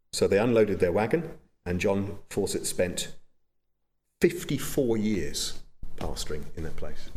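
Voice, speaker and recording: A pastor delivers a sermon to his congregation, earnest and conversational, slipping in asides. His pitch rises and falls freely, giving the preaching a lively, animated lift. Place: church.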